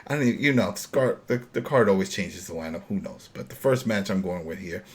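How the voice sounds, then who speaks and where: A man with a Brooklyn accent hosting a casual wrestling podcast, blunt, animated and profane. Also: on the low side, fast. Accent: New York Brooklyn. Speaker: podcast host.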